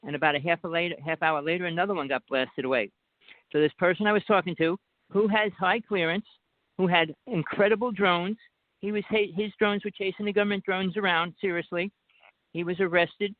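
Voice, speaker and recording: A man's voice: high voice, fairly even intonation, fairly quick, no room sound. A man with a New Jersey accent, a guest on a call-in talk show, telling long rambling stories in an insistent way. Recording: dry, phone-like line.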